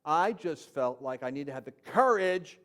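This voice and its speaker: Guy telling his born-again story, kinda high voice, chatty, goes loud then drops real low. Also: normal speed. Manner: animated, swings from loud emphasis to low asides; conversational with fillers and slang. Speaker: Christian speaker. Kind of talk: personal testimony storytelling.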